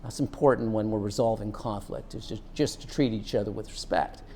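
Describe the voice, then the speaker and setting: A middle-aged former police officer earnestly recounts a personal story, taking his time and drawing a lesson out of it. His voice is fairly low, husky and dark-toned, with fairly even intonation.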